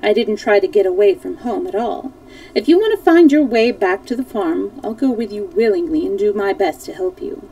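A woman's voice: medium pitch, animated, moderate pace, dark tone, distant mic, close to an everyday voice, low-quality recording. A woman voicing a kindly, good-humored shaggy vagabond who speaks in a wry, reassuring way.

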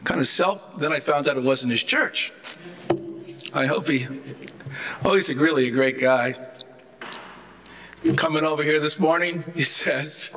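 A man's voice: on the high side, measured pace, long pauses, bright, forceful tone. An older man giving a humorous, anecdotal theology lecture, chatty and rambling, with wry joking asides.

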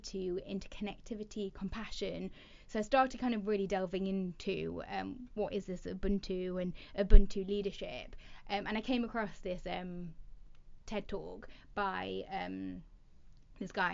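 A woman's voice: medium pitch, creaky, highs cut off. A woman guest in a casual interview, telling stories with eager restarts and hesitations. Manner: lively storyteller with hesitant restarts. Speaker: podcast guest, talent development leader.

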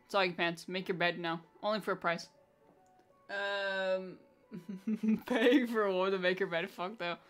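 A woman's voice: mid-range voice, steady tone, a little slow, pauses often, soft background music. A woman live streamer chatting casually with her viewers, blunt and profane, with a constant "like" in her speech. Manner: profane, blunt and teasing, with a lot of filler "like".

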